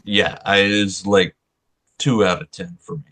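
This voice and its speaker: Blunt, low-voiced male co-host. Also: steady tone, moderate pace, a bit bright. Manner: blunt, opinionated. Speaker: podcast co-host. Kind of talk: casual chat.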